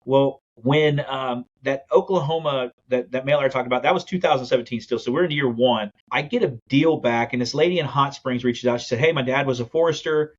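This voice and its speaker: In a muffled recording, a land investor with a mid-range voice recounts his business journey during a podcast interview, speaking fast and animatedly as he acts out the quotes.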